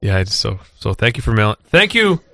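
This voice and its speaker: A man's voice: fairly low pitch, big pitch swings, fairly quick, vocal fry, a bit bright, no room sound, clean studio sound. A man with a New Jersey accent, co-hosting a podcast in casual comedic banter, crude and joking. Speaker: podcast co-host.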